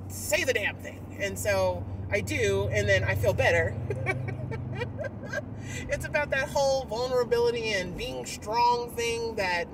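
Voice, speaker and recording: A woman vlogging candidly outdoors, her voice lively and rising and falling a lot as she rambles through her thoughts with sighs and fillers. She sits a little way from the mic, and loud traffic rumbles behind her. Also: recorded from a distance. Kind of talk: candid personal vlog rant.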